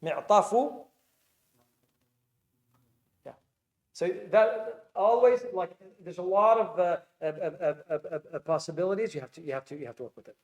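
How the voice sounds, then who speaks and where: A man's voice: high-pitched, moderate pace, long pauses. A man teaching an Arabic class, quizzing his students and repeating phrases with frequent restarts, recorded in a classroom. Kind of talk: classroom lecture. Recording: echoey classroom.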